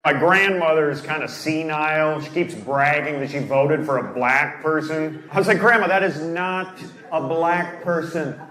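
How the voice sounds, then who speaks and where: A man doing a stand-up comedy set with deadpan delivery and crowd work in a large theater. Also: a little high, moderate pace. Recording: echoey hall with loud noise and crowd.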